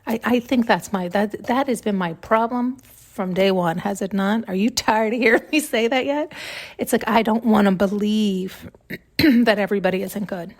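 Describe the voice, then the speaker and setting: A medium-pitched female voice at a moderate pace carries this podcast host's rambling, searching reflections. She muses intuitively, begins sentences again and again, and sometimes sounds close to crying.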